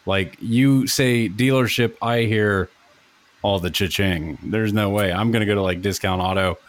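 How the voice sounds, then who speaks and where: Low-voiced laid-back man, dry mic. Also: unhurried, no echo. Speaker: podcast co-host. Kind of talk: casual chat.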